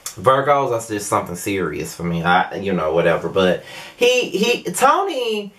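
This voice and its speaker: A man's voice: on the low side, wildly swooping pitch, a little slow, a bit bright. A young man hosting his own video review show, talking casually and animatedly with plenty of swearing and filler asides. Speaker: show host reviewing a reality series.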